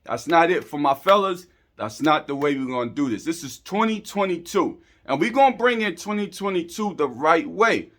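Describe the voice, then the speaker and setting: A man's voice: on the high side, animated, moderate pace, fairly bright tone. A middle-aged man hosting his own show, talking casually to camera in an emphatic, repetitive way with street slang. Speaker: show host.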